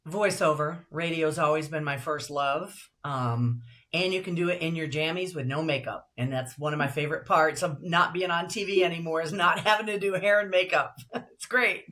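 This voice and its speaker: Lively woman with a deep alto voice. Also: moderate pace. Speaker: guest, broadcaster and voiceover actress. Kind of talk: casual interview chat.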